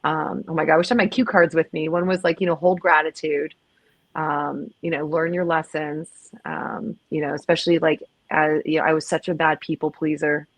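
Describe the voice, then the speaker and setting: A woman with a low-pitched voice talks candidly as a podcast guest, emphatic and quick to exclaim. She often restarts her sentences. The sound is dry and close-miked. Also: little pitch movement, dry recording. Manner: emphatic, swears, frequent restarts. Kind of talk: candid conversational chat.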